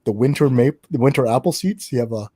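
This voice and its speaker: A man's voice: medium pitch, mellow, slightly rough, no echo. A man from Canada, a guest instructor, chatting casually on a podcast and restarting his sentences. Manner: fast, repeats words while restarting sentences.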